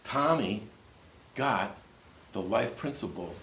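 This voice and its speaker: A man's voice: on the low side, measured pace, slight background noise. A man who is a pastor, giving a sermon and telling a story in the manner of a storyteller. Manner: storytelling, retelling a conversation in quotes. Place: church. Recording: echoey church with faint ambience.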